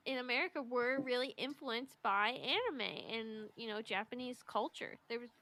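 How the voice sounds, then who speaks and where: A young woman co-hosting a podcast, talking earnestly and haltingly with many fillers. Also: fairly high pitch, pushed and bright. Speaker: podcast co-host. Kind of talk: casual chat.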